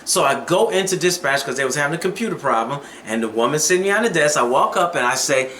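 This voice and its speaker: A man tells stories and preaches dating advice in a casual vlog. His voice is bright and a little high. The room echoes, and there is faint noise behind him. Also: lively intonation, quick pace. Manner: storytelling, preachy, conversational.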